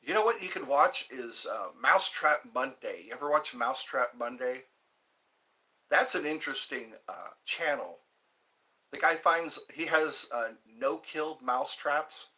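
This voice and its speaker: A man hosting a casual livestream from home, chatting in a rambling, animated way and reading viewer comments aloud. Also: unhurried. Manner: chatty, rambling, animated, with pitch leaps when greeting viewers. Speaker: livestream host.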